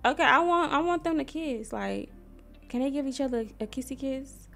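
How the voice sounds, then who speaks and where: A young woman gives loose, talkative commentary on her life-sim game in a fairly high voice that lifts into squeals when something delights her. Soft R&B music plays faintly underneath. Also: moderate pace, gravelly. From Missouri, USA. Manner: chatty, expressive, squeals when excited, talks to viewers. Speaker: gaming streamer. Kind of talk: casual gameplay commentary. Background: soft R&B background music.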